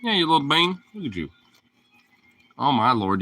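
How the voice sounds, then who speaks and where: Young man, playful pet baby talk, lively swooping voice, very bright tone. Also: mid-range voice, moderate pace, pauses often. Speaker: pet owner filming his dog. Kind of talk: casual vlog, talking to his dog.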